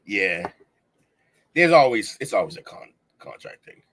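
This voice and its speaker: A man co-hosting a casual podcast who talks in an opinionated, animated way, with laughing asides. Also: fairly low pitch, unhurried. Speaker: podcast co-host.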